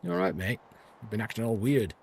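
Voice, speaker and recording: A man's voice: on the low side, fast talker, breathy edge. A man voicing a brash young woman companion who talks in a blunt, matey, slangy way. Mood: teasing.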